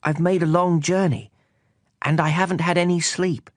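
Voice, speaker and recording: A man's voice: a little high, fairly even intonation, moderate pace, no room sound, studio quality, voice pushed up, close to an everyday voice. A man doing a timid little prince. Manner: soft, timid, questioning. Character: small gentle boy prince, curious and timid.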